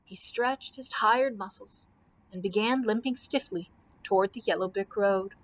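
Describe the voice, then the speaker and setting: A woman librarian reading a children's book aloud with expressive storytelling. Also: mid-range voice, unhurried, a little hiss or hum.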